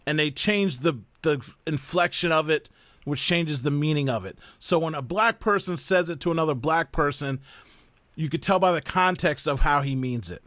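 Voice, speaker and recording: A man hosting a podcast, telling family stories in animated casual chat. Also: fairly high pitch, moderate pace, no echo, clean studio sound. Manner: animated storyteller who mimics voices. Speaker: podcast host.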